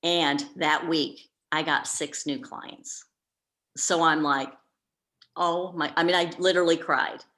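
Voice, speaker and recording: A woman's voice: sits low, fairly even intonation, slow pace, a bit bright. A woman who works as a professional organizer, candidly telling a story in a group meeting with plenty of fillers. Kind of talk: casual group meeting talk.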